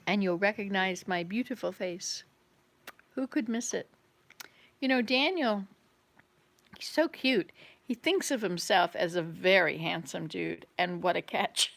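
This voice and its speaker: A woman's voice: medium pitch, lively intonation, a little slow, vocal fry, pauses often, fairly bright tone. A woman hosting a casual live stream from her home kitchen, chatting with viewers and answering their comments as they come in.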